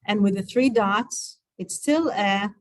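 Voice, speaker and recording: A woman's voice: medium pitch, takes it slowly, no room sound. A woman from Israel teaching an online Hebrew class over a video call, patiently repeating letter sounds with chatty asides.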